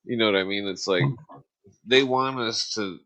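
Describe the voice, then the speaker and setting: Casual podcast co-host, man, low pitch, bright edgy tone, swears freely, laughs a lot. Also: moderate pace. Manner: loose, profane, laughs often. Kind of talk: casual chat.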